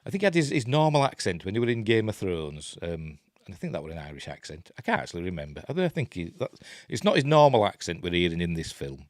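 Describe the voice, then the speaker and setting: A man's voice: deep voice, sing-song, quick pace, dry recording, clean studio sound. A man with a Yorkshire accent rambling casually through a live film commentary from his webcam. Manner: rambling, chatty, self-interrupting. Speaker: host.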